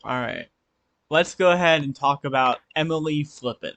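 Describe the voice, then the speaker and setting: A man's voice: on the high side, normal speed, creaky, fairly bright tone. A man co-hosting a podcast in casual chat, reading out contestant bios in an easygoing way and chuckling a lot. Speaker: podcast co-host.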